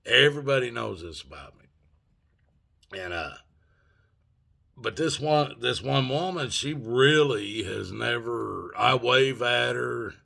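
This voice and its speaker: A man's voice: mid-range voice, animated, slow, gravelly, sharp tone, husky. A man of sixty telling a story in a rambling, folksy way with loose grammar. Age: 60s. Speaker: vlogger. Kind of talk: casual storytelling.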